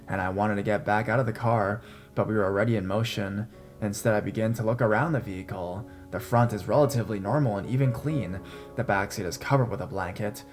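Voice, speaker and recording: A young adult man narrating a horror story in a measured, tense manner. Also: mid-range voice. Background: faint guitar music.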